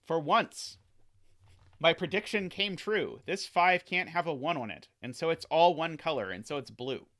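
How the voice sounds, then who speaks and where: A man's voice: on the high side, lively intonation, normal speed, fairly bright tone. A man solving a sudoku live on stream, thinking aloud, often correcting himself and adding playful asides to his viewers.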